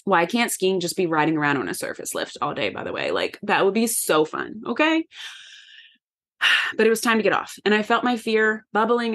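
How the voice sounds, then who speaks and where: Woman telling her own story on a podcast, chatty and candid, mid-pitch voice. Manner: animated, candid, addresses listeners as y'all. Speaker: podcast host. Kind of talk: personal storytelling.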